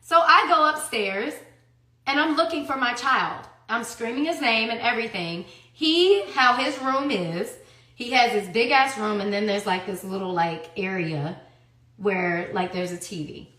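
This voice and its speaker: Woman storyteller, fairly high bright voice, emphatic swings from hush to loud, roomy echo. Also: measured pace. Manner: emphatic, profane, swings between hushed and loud. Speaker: storyteller recounting personal events. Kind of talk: casual tell-all monologue.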